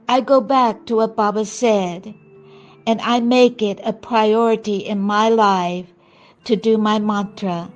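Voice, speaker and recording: An older woman telling a personal spiritual story in a gentle, earnest way. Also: mid-range voice, dull audio. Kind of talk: reflective personal testimony.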